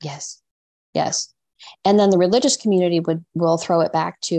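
A woman's voice: lowish voice, steady tone, moderate pace, warm tone. A woman therapist being interviewed on a podcast, explaining earnestly and acting out quoted voices. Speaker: therapist guest. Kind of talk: conversational interview.

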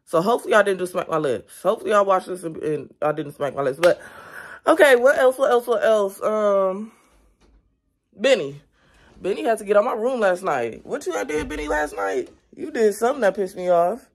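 A woman's voice: medium pitch, a little fast. Chatty young woman vlogging at home. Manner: chatty, animated, talks straight to viewers. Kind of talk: casual vlog chat to camera. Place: at home, indoors. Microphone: camera on a stand.

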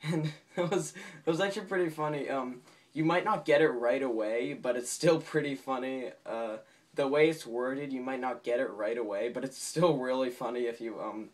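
A man vlogging a casual, rambling recap of a cartoon episode. He laughs often, uses many fillers and restarts, and acts out quotes in a high voice. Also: normal speed. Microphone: home camera mic.

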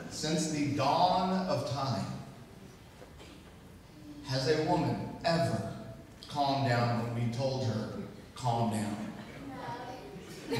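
A middle-aged male guest preacher tells a funny story at his own expense, his voice sitting a bit high for a man. He sounds far from the microphone, and the long reverb of a large sanctuary trails after each phrase. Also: fairly bright tone, slight background noise. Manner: humorous, self-mocking storytelling. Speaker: guest speaker. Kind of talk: sermon storytelling. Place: church sanctuary. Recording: echoey hall, distant mic.

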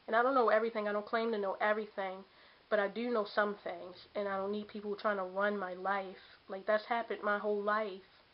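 Through dull lo-fi camera audio, a woman in her late twenties rants at her vlog audience, mocking the people who nag her and repeating herself out of exasperation. Her voice is medium in pitch, fairly quick, and shows little pitch movement.

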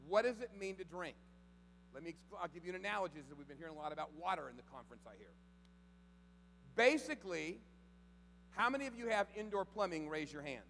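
A pastor preaching a sermon in a church, swinging from hushed storytelling to loud preaching. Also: male voice, a little high, expressive, fast talker, vocal fry, pauses often. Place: church sanctuary. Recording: long hall reverb, faint mains hum.

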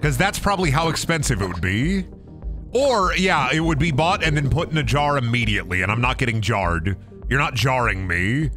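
A man's voice: mid-range voice, animated, normal speed, over music. A young man giving goofy, joking commentary on a game stream, swearing and laughing often.

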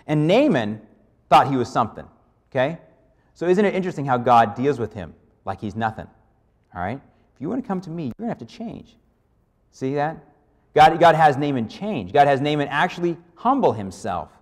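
A male pastor delivers a lively, conversational sermon in a church, his pitch rising and falling with animated swings. He keeps pausing to check in with the room, and a long hall reverb trails after his words. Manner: lively, checks in with "okay?" often.

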